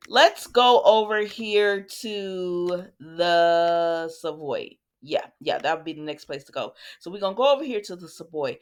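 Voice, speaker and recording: Woman gossiping thru a soap recap, lots of asides, kinda low voice. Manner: chatty, animated retelling with asides to viewers. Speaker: soap opera recap host. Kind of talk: casual recap chat.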